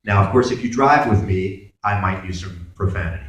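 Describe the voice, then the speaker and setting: A man's voice: sits low, a little fast. A man from Brooklyn, telling stories as a guest at a convention Q&A and acting out dialogue in voices. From Brooklyn, New York. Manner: animated, acts out dialogue in voices. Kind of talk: convention Q&A storytelling. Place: large convention hall. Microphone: camera in the audience, far from the speaker. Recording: very echoey hall, from far off.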